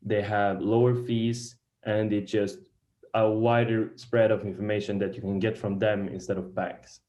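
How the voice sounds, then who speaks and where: Man, Swedish native, lecturing beginners in a room; lowish voice, stop-start delivery with restarts. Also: little pitch movement, dark tone. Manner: halting, searches for words, many restarts.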